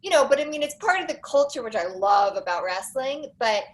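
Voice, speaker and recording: A woman in her forties, a documentary producer, chatting as a guest on a podcast with animated storytelling and quick asides. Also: high voice, rough recording. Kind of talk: casual interview chat.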